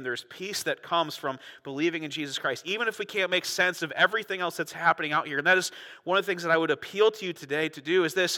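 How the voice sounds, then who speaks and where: A man's voice: a little high, pushed and bright, long reverb tail. A man preaching a sermon as pastor, earnest and conversational, often restarting and repeating words.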